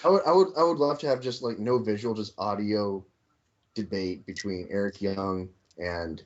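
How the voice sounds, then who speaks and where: A man co-hosting a casual wrestling podcast, excitable and stumbling over his openers. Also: on the low side, moderate pace. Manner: repeats openers, excitable, swears. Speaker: podcast co-host. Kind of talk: casual wrestling review chat. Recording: dull lo-fi podcast mic.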